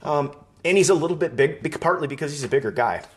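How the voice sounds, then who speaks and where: A man's voice: fairly high pitch, lively intonation, fast. A man from Wisconsin hosting a live fan stream, chatting casually, reading viewer comments aloud and laughing easily. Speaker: live show host.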